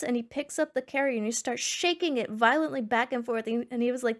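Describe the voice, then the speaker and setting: Young woman streamer, kinda high voice, snarky, gets loud and squeaky out of nowhere. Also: brisk, hardly any pauses. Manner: sarcastic and animated, jumps to loud squeals. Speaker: streamer reading forum posts. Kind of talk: casual reaction chat.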